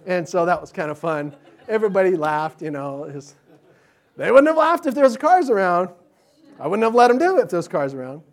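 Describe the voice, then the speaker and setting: A middle-aged man, a pastor, telling stories to children in an animated, chatty way, often restarting his sentences. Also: high-pitched, a little fast. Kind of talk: children's sermon storytelling.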